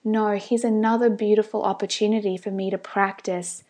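A woman's voice: mid-range voice, little pitch movement, normal speed, a little mellow. A woman hosting a conversational interview, encouraging and reflective as she shares her own experience. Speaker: podcast host.

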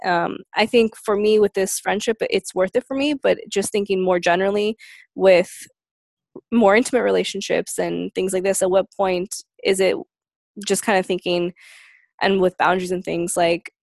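A woman's voice: mid-range voice, gravelly, darkish tone, dry recording. A woman taking part in a casual group discussion, speaking in a thoughtful, reflective way. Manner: thoughtful, reflective, some restarts. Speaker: discussion participant.

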